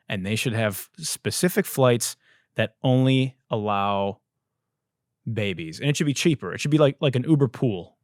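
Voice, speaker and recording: Brief: male podcast host, profane rambling comic monologue, expressive voice that jumps around. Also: lowish voice, no echo, studio quality.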